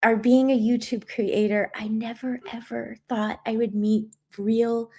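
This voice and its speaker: A woman's voice: a little high, little pitch movement, measured pace, a little mellow. A woman hosting a livestream, talking earnestly while crying and reading viewer comments aloud. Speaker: livestream host.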